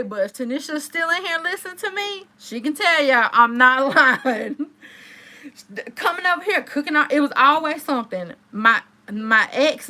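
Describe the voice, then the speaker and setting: A woman in her thirties chatting to live viewers, telling a story in a lively, animated way and talking straight to her audience. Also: high voice. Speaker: live-stream host.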